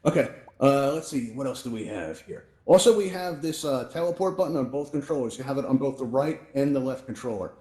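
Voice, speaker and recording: A man's voice: medium pitch, expressive, a little fast, warm tone, echoey room. A man hosting a live virtual reality event, upbeat and chatty as he coaches the audience through the controls. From New York. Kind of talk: live instructional walkthrough. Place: virtual reality social space. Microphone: VR headset microphone.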